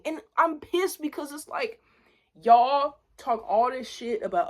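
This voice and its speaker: Blunt, animated young woman ranting. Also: normal speed, background noise. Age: 20s. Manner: animated, blunt, profane, swings between loud outbursts and low asides. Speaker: vlogger commenting on reality TV. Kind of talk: casual rant to camera.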